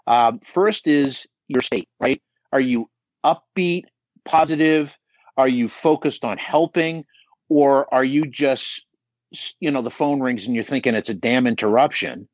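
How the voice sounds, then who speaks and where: A middle-aged man coaching on a podcast, emphatic and animated, asking rhetorical questions as he talks. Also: medium pitch, a little slow, dry recording. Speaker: auto shop business coach guest. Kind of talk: podcast conversation.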